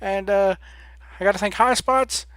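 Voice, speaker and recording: A man's voice: sits high, moderate pace, fairly bright tone, dry recording. A man doing a panting wrestler plugging sponsors. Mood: mock earnest. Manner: breathless, rambling sponsor plugs. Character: sweaty male pro wrestler reading sponsor thanks.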